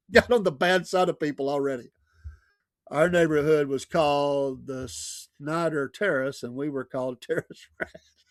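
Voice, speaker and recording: Man, american, casual storytelling, frequent laughs, slightly high voice, dry close sound. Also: measured pace, dry recording. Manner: animated, laughs often, acts out quoted voices.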